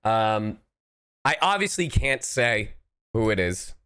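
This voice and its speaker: Male streamer, low voice, very animated pitch, casual and jokey, slightly sick. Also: slow pace, smooth. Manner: playful, goofy asides and repeated phrases. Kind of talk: casual live-stream chat.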